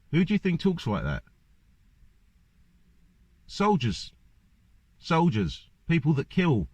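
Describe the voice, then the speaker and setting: A man's voice: medium pitch, no room sound. Man, ranting monologue, repeated rhetorical questions, dull lo-fi sound. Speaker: vlogger. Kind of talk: monologue to camera. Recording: dull lo-fi dry recording.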